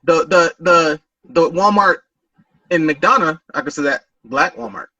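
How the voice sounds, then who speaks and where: Bright-voiced man talking from a distance. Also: a little high, no echo, dull audio. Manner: halting, repeats words, storytelling. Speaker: podcast panelist. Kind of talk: casual group chat. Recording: voice distant from mic.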